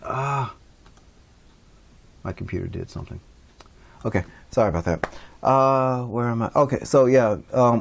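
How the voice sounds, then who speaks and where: Casting: male instructor, relaxed and rambling, mid-pitched voice. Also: normal speed, gravelly, long pauses. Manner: casual, rambling with many fillers and restarts. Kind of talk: recorded online lecture.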